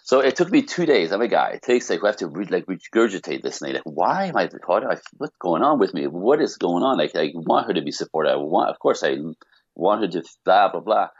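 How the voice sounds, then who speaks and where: A man speaking as a podcast guest, telling a personal story in an animated way, with many restarts and rhetorical questions. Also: low-pitched, brisk, husky, no echo, dull audio.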